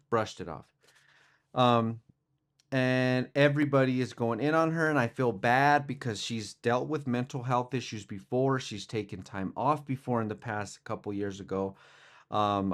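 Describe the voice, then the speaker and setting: A young man hosts a casual sports podcast, talking at an everyday middle pitch. He rambles from point to point, doubling back and filling gaps with ums and restarts. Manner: rambling, conversational, many fillers and restarts. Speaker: podcast host.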